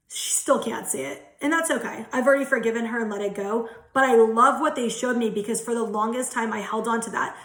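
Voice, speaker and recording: A young woman speaks as a tarot reader, candid and earnest, with plenty of casual swearing. Her voice sits somewhat high. The sound carries the echo of a bare room. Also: steady tone, fairly quick, few pauses. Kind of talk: casual spiritual talk to viewers.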